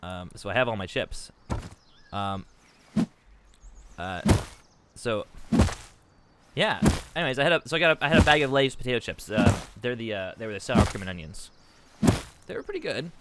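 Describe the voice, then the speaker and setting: A man streaming a game and telling a long, rambling, profane comic story with animated asides. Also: mid-range voice, moderate pace, pauses often, heavy background noise.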